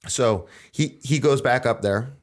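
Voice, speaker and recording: A man hosting a podcast, telling events in a casual, animated way and acting out quotes in a raised voice. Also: mid-range voice, measured pace. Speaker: podcast host. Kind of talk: casual conversational storytelling.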